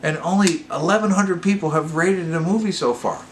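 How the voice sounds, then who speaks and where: A man's voice: on the high side, normal speed, a little hiss or hum. A man hosting a casual movie review vlog, talking in a meandering way, correcting himself and getting worked up as he goes. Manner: meandering, self-correcting, gets excited. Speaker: movie reviewer, channel host.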